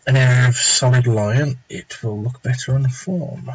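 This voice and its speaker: A man's voice: mid-range voice, normal speed, few pauses, slightly rough, muffled recording. A young man chatting casually and rambling as he draws live on stream, muttering to himself now and then. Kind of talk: casual chat while drawing.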